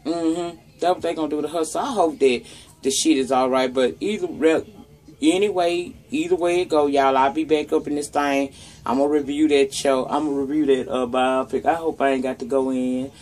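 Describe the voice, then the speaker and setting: A woman's voice: low-pitched, fairly even intonation, normal speed, a little mellow. A woman with a Southern US accent runs through the week's celebrity gossip in a casual vlog. She talks loosely and profanely, addressing her viewers directly as y'all. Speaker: vlogger. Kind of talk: casual commentary on news and gossip.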